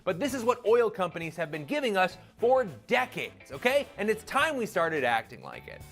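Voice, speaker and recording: A man's voice: high voice, wildly swooping pitch, moderate pace, creaky, a bit bright, soft background music. A man hosting a scripted comedic explainer video, sarcastic and full of jokey asides. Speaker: video host.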